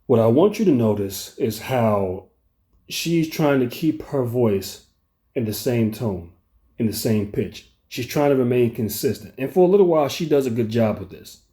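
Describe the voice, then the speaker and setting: A man hosting a commentary video, analyzing a played clip in a deliberate, blunt way with some profanity. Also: mid-range voice, lively intonation, mellow. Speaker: commentary channel host.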